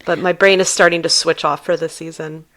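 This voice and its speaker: A woman's voice: sits low, level tone, brisk, a bit bright. A woman co-hosting a podcast in casual chat, who laughs easily. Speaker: podcast co-host.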